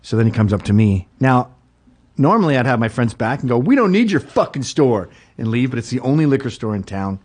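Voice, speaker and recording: A man's voice: medium pitch, fast. A man telling a rambling story in a casual chat, laughing and acting out the people in it. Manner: animated, laughing, acts out quotes loudly. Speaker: podcast guest.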